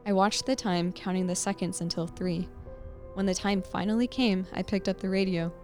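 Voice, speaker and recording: A woman podcast host reading a creepy story aloud with expressive, suspenseful storytelling. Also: mid-range voice, moderate pace, soft background music.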